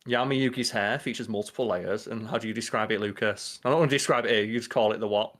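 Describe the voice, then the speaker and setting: A man's voice: lowish voice, quick pace, a bit bright. A young adult man co-hosting a podcast, chatting casually and riffing with a lot of swearing. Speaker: podcast co-host. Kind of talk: casual chat.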